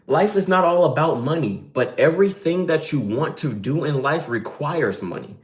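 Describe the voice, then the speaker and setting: A man's voice: on the high side, expressive, moderate pace, reverberant. A man live streaming, giving a casual, slangy lecture in a preachy and emphatic way.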